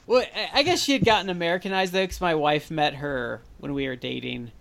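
An American man co-hosting a podcast, chatting casually, animated and self-deprecating with lots of fillers. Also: fairly high pitch, brisk, gravelly. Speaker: podcast co-host. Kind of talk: casual chat.

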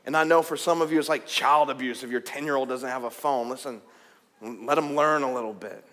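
A man preaching a sermon, animated and joking as he calls out to the congregation. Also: mid-range voice, brisk. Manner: animated, jokey, calls out to the crowd. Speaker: pastor. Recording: long hall reverb.

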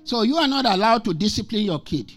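Faint music plays behind this sermon from a Nigerian guest preacher in his sixties, whose high voice is animated and fairly quick. He tells personal stories, presses his points emphatically, and repeats scripture lines.

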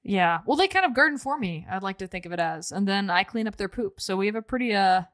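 A woman's voice: medium pitch, lively intonation, quick pace, a bit bright, no room sound. Chatty woman podcast host, dry sound. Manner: chatty and laughing, self-deprecating. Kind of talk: casual podcast chat.

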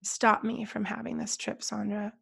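A woman co-hosting a casual podcast chat, her voice scratchy and hoarse from a cold, talking in trailing restarts. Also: mid-range voice, level tone, moderate pace, fairly bright tone. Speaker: podcast co-host.

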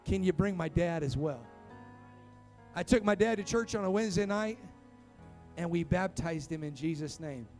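High-voiced animated young pastor preaching. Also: male voice, normal speed, long pauses, soft background music. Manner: animated storytelling preacher, rising to emphatic calls. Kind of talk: sermon to youth and church. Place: church sanctuary.

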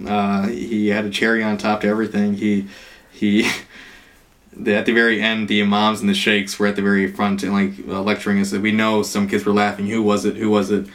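A man's voice: fairly low pitch, a bit bright. A man in a casual chat, telling an anecdote with lots of fillers. He laughs often and keeps the delivery loose and conversational.

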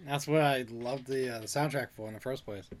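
A woman's voice: extremely low pitch, fairly even intonation, a little fast. A woman co-hosting a casual chat, laughing often as she tells stories. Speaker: podcast co-host. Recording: loud background noise.

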